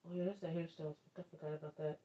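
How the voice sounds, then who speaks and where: A woman ASMR streamer chatting in a soft-spoken, rambling manner during a livestream. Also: low-pitched, level tone, racing. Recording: dull lo-fi stream audio.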